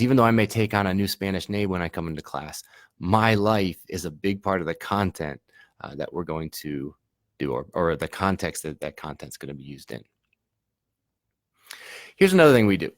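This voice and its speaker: A man with a very low voice talks teachers through his classroom routines, relaxed and chatty, slipping into the questions he asks his students. The sound is close and dry, with no room around it. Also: no room sound. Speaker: Spanish teacher giving a workshop. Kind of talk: professional development talk.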